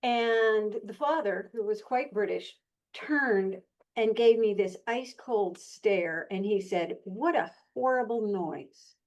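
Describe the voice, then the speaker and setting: A woman's voice: medium pitch, slow pace, darkish tone, muffled recording. A woman in her sixties, a guest telling candid, reflective stories about her life with frequent restarts. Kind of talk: reflective personal storytelling.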